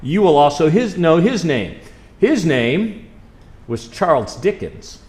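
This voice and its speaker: A man's voice: on the high side, big pitch swings, slow pace, darkish tone. A middle-aged man from the United States, chatting folksily through a slideshow as a chaplain, with fillers and asides to the audience. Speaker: chaplain presenting a trip. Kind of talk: casual slideshow talk.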